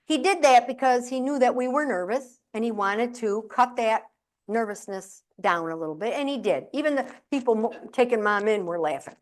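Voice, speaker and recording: A middle-aged woman with a fairly high voice delivering a comic keynote to a live audience. She tells lively anecdotes and jumps in and out of acted-out quotes. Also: normal speed. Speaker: keynote speaker and humorist. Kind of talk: humorous keynote storytelling. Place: live event venue.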